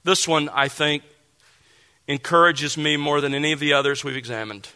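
A man preaching an expository sermon, reading Bible verses aloud and explaining them in a measured, emphatic way. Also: fairly high pitch, fairly even intonation, pushed and bright, clear, resonant tone. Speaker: pastor.

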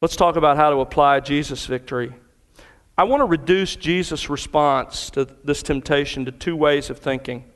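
A man's voice: on the high side, moderate pace, fairly bright tone, long reverb tail. A man preaching a sermon to his congregation in earnest, building emphasis through repetition. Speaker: pastor. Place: church sanctuary.

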